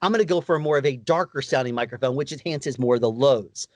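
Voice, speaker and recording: A man with a higher-pitched voice giving practical audio advice as an interview guest, explaining step by step and asking rhetorical questions. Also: fast talker, dry recording.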